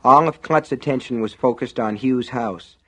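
A man reading an audiobook in a steady, wry storytelling manner. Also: mid-range voice, moderate pace, husky. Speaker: narrator. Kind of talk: audiobook narration.

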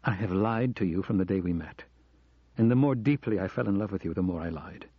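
A man voicing a middle-aged American professor who speaks in a quiet, earnest, confessional way. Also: sits low, fairly quick, husky, dry recording. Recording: dull lo-fi audio.

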